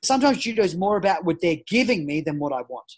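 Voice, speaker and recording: Fast-talking energetic man. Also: sits high, slightly rough, low-quality recording. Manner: energetic, animated storytelling with many restarts. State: a parent at home. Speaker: judo coach and former Olympian, guest. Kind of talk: casual podcast interview.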